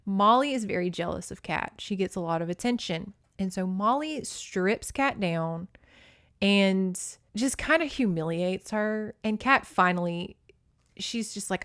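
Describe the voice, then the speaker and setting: A young woman talks through a book's plot like she's gossiping with a friend. She's chatty and wry, with sarcastic asides. Her voice sits at a middle pitch and sounds close and dry, with no room around it. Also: animated, unhurried, a bit bright, no echo. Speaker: podcast host. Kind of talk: casual book recap with commentary.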